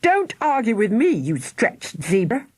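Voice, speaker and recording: A woman's voice: fairly high pitch, sing-song, measured pace, husky, pitched above the performer's own voice, heavily acted. A woman reading an audiobook, voicing a cruel mother who snarls insults at her children. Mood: snarling. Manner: snarling, scolding.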